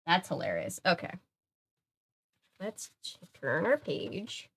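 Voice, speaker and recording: A woman's voice: on the low side, very animated, takes it slowly, gravelly, husky. Chatty woman streamer reading aloud. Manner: chatty, reacts to chat, reads aloud. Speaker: streamer reading a mystery book. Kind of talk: casual livestream chat and reading aloud.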